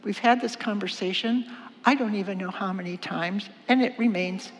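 An older woman giving a church talk, teaching and acting out scenes in a lively, dramatizing way. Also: mid-range voice, moderate pace, slight background noise. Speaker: church speaker. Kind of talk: teaching talk with acted-out skit. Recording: long reverb of a large hall.

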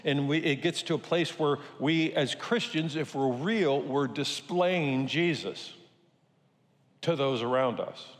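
A man's voice: on the high side, slow pace. An older man preaching a sermon to a congregation in a conversational, joking way. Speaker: pastor. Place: church sanctuary. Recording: reverberant church hall.

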